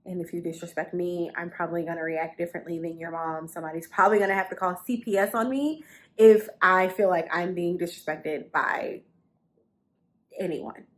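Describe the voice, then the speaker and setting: A woman's voice: lowish voice, fairly even intonation, fairly quick. Chatty young woman vlogging from her bedroom. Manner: chatty, repeats phrases for emphasis. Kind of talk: casual storytelling to camera. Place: bedroom at home.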